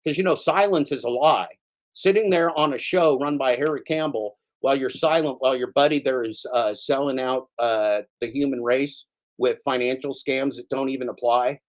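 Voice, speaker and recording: A man's voice: mid-range voice, moderate pace. A man ranting angrily and profanely in commentary, repeating himself and mocking the people he calls out.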